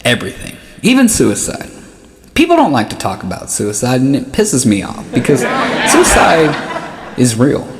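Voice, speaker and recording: A man doing a rambling, self-mocking stand-up comedy set, often laughing at his own jokes. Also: mid-range voice. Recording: live hall echo with loud noise.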